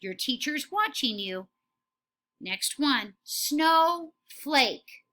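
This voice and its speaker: A woman teaching a phonics lesson to young children, speaking slowly and clearly and giving steady encouraging praise. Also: mid-range voice. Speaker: kindergarten teacher.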